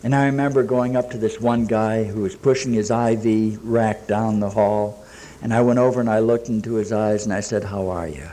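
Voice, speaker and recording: A man's low, dark voice recounts his personal recovery to a live audience gathered in a meeting room. He keeps a moderate pace and fairly even intonation, mixing plain talk, quoted dialogue and dry jokes, with a little hiss or hum in the recording.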